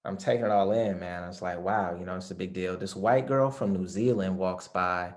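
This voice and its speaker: A man from the United States hosting a podcast, who tells stories in a casual, animated way. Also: low-pitched, brisk. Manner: animated, laid-back storytelling. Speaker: podcast host.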